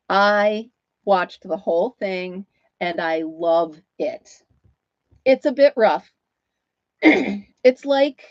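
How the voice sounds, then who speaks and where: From home, a woman hosts a casual livestream, chatting with viewers as she crochets and laughing often. Her voice is mid-range, and the recording is muffled but free of echo.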